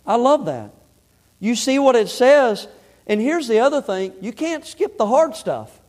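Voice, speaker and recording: A pastor preaching a sermon in a church, folksy and emphatic, building up to loud exhortation. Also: male voice, very high-pitched, big pitch swings, a little slow. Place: church sanctuary.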